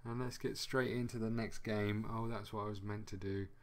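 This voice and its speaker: A man playing a football management game, thinking aloud in hesitant mutters and reacting with bursts of excitement. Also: on the low side, moderate pace. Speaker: gamer. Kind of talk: let's play commentary.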